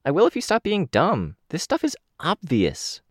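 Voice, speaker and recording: A man voicing a bossy, teasing young teenage girl in an audiobook, impatient and bright. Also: fairly high pitch, huge pitch swings, normal speed, no echo, studio quality, voice pushed up.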